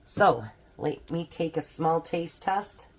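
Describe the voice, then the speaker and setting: With a deep voice and a slow delivery, a woman cooks and tastes food in her home kitchen while chatting casually to camera. This home cooking vlogger keeps a chatty, homey manner, talking as she eats.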